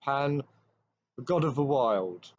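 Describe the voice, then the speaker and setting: A man hosting a show, retelling an old ghost story with measured pacing and dramatic pauses. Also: mid-range voice, animated, a little hiss or hum. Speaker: host. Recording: dry, slightly dull recording.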